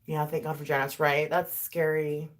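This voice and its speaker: A woman chatting casually and rambling through a makeup tutorial, with lots of fillers and asides. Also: normal speed. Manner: animated, swings in pitch and loudness. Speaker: YouTuber doing a makeup tutorial. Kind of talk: casual chat while doing makeup, talking to live chat.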